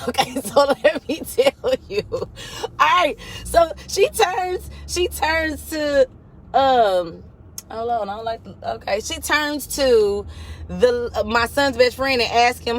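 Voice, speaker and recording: Profane, animated woman telling a story. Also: high-pitched, slow pace. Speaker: vlogger. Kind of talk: casual storytelling rant. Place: in a car. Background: faint car noise.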